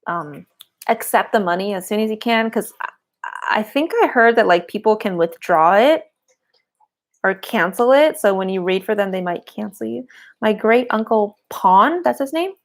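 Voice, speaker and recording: A woman's voice: medium pitch, lively intonation, normal speed. A woman giving a live-streamed tarot and oracle card reading, chatty and giggly, with a lot of "like" fillers.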